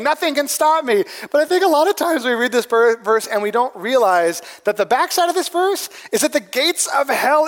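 Guy giving a sermon, fairly high voice, long echo from the hall, chatty, keeps saying right. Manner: conversational, says "right?" often. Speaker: pastor. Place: church room with people present.

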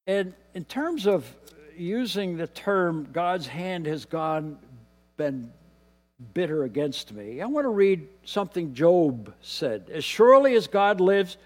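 A man preaching a sermon as pastor, moving between quiet, dropped asides and loud, emphatic lines. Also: on the high side, animated, takes it slowly. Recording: long hall reverb.

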